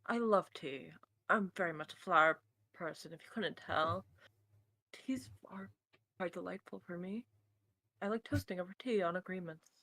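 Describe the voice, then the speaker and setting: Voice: medium pitch, moderate pace, long pauses, sharp tone. A player voicing a cheerful, flower-loving adult who offers tea politely and chats sweetly.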